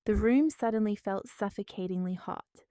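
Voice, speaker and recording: A woman's voice: mid-range voice, moderate pace, warm tone, clean tone, no room sound. A woman narrating a dramatic first-person story in a tense storytelling manner, recorded close.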